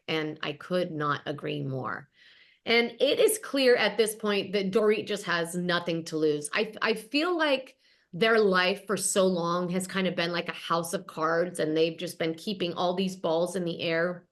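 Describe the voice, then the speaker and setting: A woman host chatting about reality TV in an animated, gossipy way, talking straight to her viewers. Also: on the low side, a little slow. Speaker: podcast host. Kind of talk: casual gossip recap.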